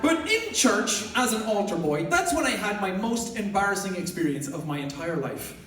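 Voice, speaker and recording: A young Irish man hosting a live stage show, telling funny stories to an audience in an energetic, loud, jokey way, often laughing as he talks. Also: high-pitched, normal speed, noisy background. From Ireland. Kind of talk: stand-up storytelling to a live audience. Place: large concert hall with a live audience. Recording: echoey hall recording from far off, loud crowd.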